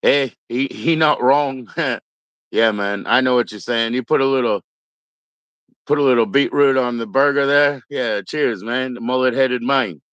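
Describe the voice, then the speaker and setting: A laid-back man rambles through a live stream, greeting viewers in an easygoing, meandering way. His voice sits at a middle pitch, and the sound is dry and close, with no room echo. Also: moderate pace, fairly bright tone, clear, resonant tone, highs cut off. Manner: rambling, laid-back, greets chat members, mock Aussie slang. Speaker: livestream host.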